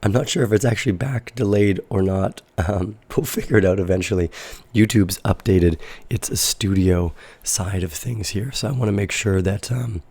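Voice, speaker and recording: A man hosting a casual crypto trading livestream, his voice raspy from being sick, talking in a relaxed, rambling way with fillers. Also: on the low side, normal speed, dry recording. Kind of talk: casual livestream market analysis.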